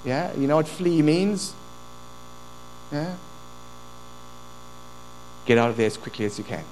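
Middle-aged male pastor, fairly high-pitched, shifts from soft asides to fervent preaching. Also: animated, unhurried, poor audio. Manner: rises from quiet asides to loud fervent preaching. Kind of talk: sermon. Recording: faint mains hum.

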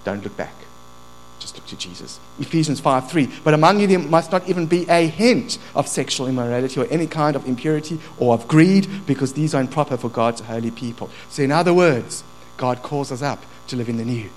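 A middle-aged man preaching a sermon, moving from quiet asides to loud, fervent passages. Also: mid-range voice, animated, brisk, poor audio. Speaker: pastor. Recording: faint mains hum.

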